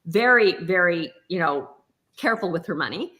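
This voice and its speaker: A middle-aged woman chatting as a guest author, an animated storyteller who laughs often. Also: fairly low pitch, normal speed. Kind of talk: casual chat.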